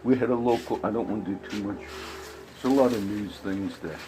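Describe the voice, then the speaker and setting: A man's voice: fairly low pitch, fairly quick, background noise. A man giving a casual, rambling spoken commentary with frequent restarts and asides. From grew up around Puerto Rican and Cuban friends.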